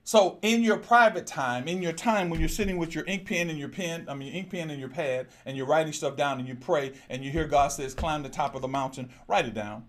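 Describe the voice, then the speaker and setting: A man delivers a sermon straight to the congregation, repeating his phrases and swinging between low murmurs and loud exclamations. He speaks a little fast, with few pauses.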